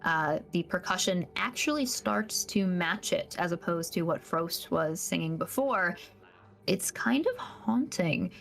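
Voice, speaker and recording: A woman's voice: fairly low pitch, lively intonation, a little slow, creaky, fairly bright tone. A woman running a tabletop game as game master, describing scenes in a loose, hesitant way with many fillers.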